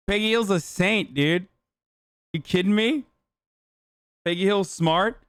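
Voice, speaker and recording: A man in his thirties hosting a livestream, reacting to news clips with sarcastic, profane, animated commentary. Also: high voice, slow, long pauses, clear, resonant tone, dry recording, clean studio sound. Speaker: streamer host.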